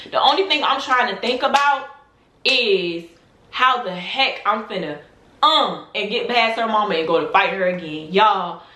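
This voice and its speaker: A woman in her twenties telling a storytime tale to her vlog audience, animated and emphatic, full of slang. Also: medium pitch, echoey room, a little hiss or hum. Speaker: vlogger.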